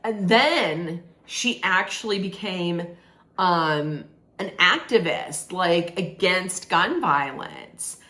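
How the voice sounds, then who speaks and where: Woman rambling through a movie recap, slow talker, kinda bright sharp tone. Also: on the low side, lively intonation. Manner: rambling, restarts, lots of "like". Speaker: movie reviewer. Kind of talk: casual spoiler recap of a film.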